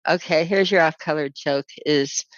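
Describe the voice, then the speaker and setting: A woman's voice: deep voice, normal speed, dry recording, lo-fi sound. A woman co-hosting a podcast, chatty and laughing easily. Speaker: podcast co-host. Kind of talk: casual chat.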